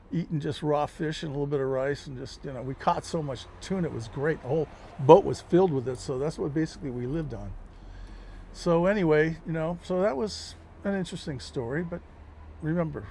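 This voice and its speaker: Older man, animated storyteller. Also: on the high side, slight background noise. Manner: animated, acts out quoted dialogue. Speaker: podcast guest. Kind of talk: firsthand storytelling.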